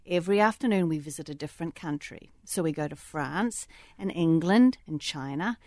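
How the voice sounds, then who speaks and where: Brief: New woman teacher, slightly low voice, lively, dry close sound. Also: normal speed, no echo. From New Zealand. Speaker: kindergarten teacher. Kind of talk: casual radio interview.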